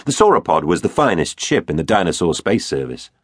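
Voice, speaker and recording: Deep-voiced theatrical male storyteller. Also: big pitch swings, a little fast, no echo. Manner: theatrical, playful storytelling with big swings. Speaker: audiobook narrator. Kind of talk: children's audiobook narration. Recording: dry studio booth.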